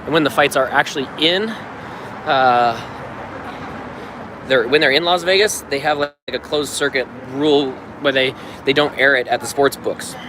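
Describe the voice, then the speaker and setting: Easygoing male vlogger from the US narrating a walking tour on a phone, city noise clear behind. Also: mid-range voice, normal speed. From United States. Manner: chatty, easygoing, laughs often. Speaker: vlogger and circus performer. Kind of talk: live-stream walking tour. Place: outdoors on a city street. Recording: outdoor street noise.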